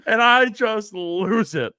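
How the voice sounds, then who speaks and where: A man in his twenties telling rambling stories in a casual chat, with animated bursts. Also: high voice, slow pace, dry recording, studio quality. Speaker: panelist.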